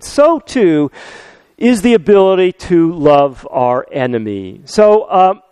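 An older man, a pastor, preaching a sermon with earnest, animated delivery and rhetorical questions. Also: high voice, clear, resonant tone, no room sound, low-quality recording.

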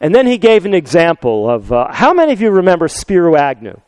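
Older male preacher, earnest and animated sermon, smooth resonant tone. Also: on the high side, fast talker, no room sound, low-quality recording. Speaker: pastor.

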